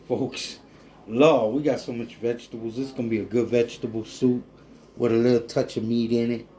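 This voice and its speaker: A man, talking casually and warmly to viewers in a rambling cooking vlog from his home kitchen. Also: on the low side, slight background noise. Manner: heartfelt, rambling, addresses viewers as folks. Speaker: cooking vlogger.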